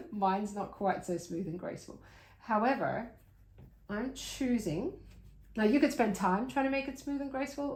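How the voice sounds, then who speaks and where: A woman's voice: mid-range voice, reverberant. A woman giving a casual drawing lesson, chatting and reflecting aloud to the viewer as she works. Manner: chatty, reflective, laughs often, talks to viewer while drawing. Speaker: art tutor.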